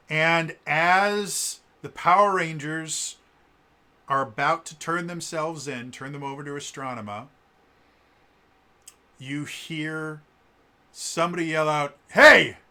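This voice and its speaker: A man's voice: fairly high pitch, takes it slowly, pauses often, sharp tone. A man reviewing a tabletop game book in casual talk, stammering and restarting often. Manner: stammering, frequent restarts and fillers.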